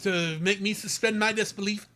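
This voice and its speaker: Bright-voiced man reviewing a movie. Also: sits high, steady tone, moderate pace. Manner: eager, talks over his partner. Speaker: podcast co-host. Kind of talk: casual movie review chat.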